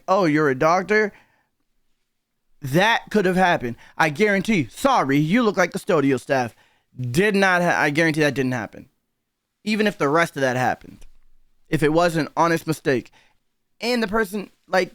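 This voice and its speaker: A man's voice: fairly high pitch, a bit bright, clean tone, no echo, studio quality. A man giving casual reaction commentary, heated and profane, openly disbelieving what he hears.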